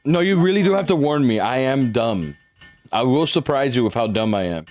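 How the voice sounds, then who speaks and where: A man's voice: mid-range voice, lively intonation, moderate pace, a little mellow, faint music behind. A young man on a live stream, chatting casually with viewers and walking them through a game, swearing now and then as he hypes them up.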